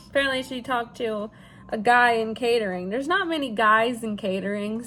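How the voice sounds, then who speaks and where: A woman's voice: fairly high pitch, a bit bright, slight background noise. A woman with a stuffy, nasal voice from allergies, telling stories in a casual vlog, laughing often and swearing. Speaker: vlogger.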